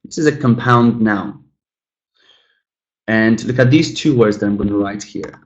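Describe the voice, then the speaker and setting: A man teaching an English pronunciation lesson, speaking deliberately with frequent fillers and calling his listeners guys. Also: fairly low pitch, lo-fi sound, a little hiss or hum. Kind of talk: classroom lesson on word stress.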